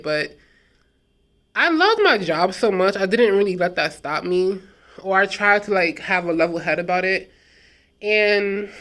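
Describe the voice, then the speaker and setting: A young adult woman vlogging casually, talking through a personal memory in a reflective, unhurried way with trailing pauses and repeated words. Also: medium pitch, a bit bright. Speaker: vlogger and self-published author.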